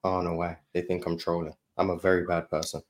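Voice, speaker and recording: A man's voice: deep voice, flat delivery, fast talker. A man on a sports debate panel, talking in a dry, mock-villainous, self-mocking way. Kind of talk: casual debate chat.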